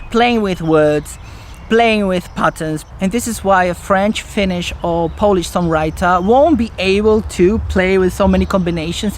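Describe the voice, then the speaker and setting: Spanish-accented woman explaining playfully. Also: on the low side. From Spain. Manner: playful, demonstrates stress patterns aloud. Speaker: language vlogger. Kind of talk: casual explainer with sung examples. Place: outdoors in a forest.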